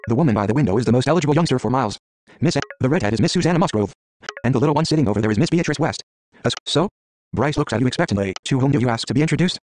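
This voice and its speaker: A man reads the text of an interactive story game aloud at a brisk clip. His voice sits at an ordinary middle pitch, and he trips over words and restarts as he goes. Faint noise hums behind him. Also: animated, a little mellow. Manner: reads quickly, stumbling and restarting, muttering menu words.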